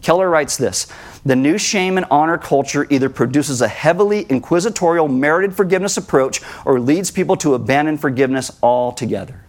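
Man, pastor, sermon, slightly high voice, conversational delivery. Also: brisk. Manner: conversational preaching with acted-out quotes.

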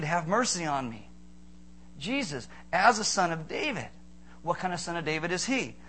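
A man's voice: high-pitched, a little hiss or hum. A man preaching a sermon, firing off rhetorical questions and joking with the congregation. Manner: animated, rhetorical questions, playful asides to congregation. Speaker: pastor.

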